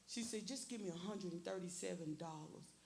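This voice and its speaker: A woman's voice: fairly low pitch, brisk, creaky, darkish tone. A woman giving an earnest personal testimony in church, repeating phrases and quoting her own prayers. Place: church sanctuary. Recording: echoey church with faint hiss.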